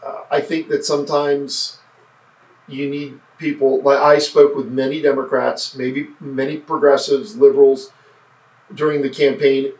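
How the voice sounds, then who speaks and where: A man's voice: mid-range voice, level tone, a little slow, darkish tone. A man talking earnestly and reflectively in a casual interview, often restarting his sentences. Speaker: podcast guest, former state senate candidate. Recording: roomy, mic at a distance.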